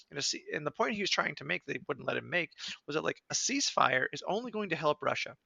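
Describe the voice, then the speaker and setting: Podcast co-host, male, bright tense tone, animated and profane political chatter. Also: fairly high pitch, rapid-fire, vocal fry, few pauses, dry recording. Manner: swearing, animated, quotes politicians in put-on voices. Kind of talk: casual political chat.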